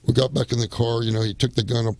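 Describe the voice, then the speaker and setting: A man of middle pitch tells a story as a radio guest, rambling along and looping back with "well, anyway". The sound is dry and close, with no room around it. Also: little pitch movement, fast talker, darkish tone, no echo. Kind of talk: casual storytelling.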